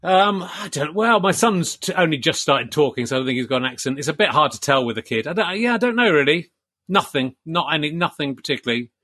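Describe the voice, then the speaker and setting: A man's voice: a little high, animated, fast talker, pushed and bright, no echo. A man from Yorkshire hosting a comedy podcast, with faint traces of a Yorkshire accent, chuckling and self-deprecating in casual chat. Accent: English, faint Yorkshire traces. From Yorkshire, England. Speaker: podcast host.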